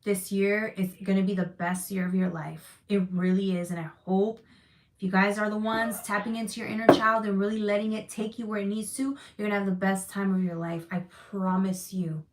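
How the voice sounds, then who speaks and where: A woman's voice: mid-range voice, fairly even intonation, brisk, background noise. A woman giving a live tarot reading to her chat, emphatic and reassuring, repeating phrases, swearing casually and getting emotional. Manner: emotional, close to tears at times. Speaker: tarot reader.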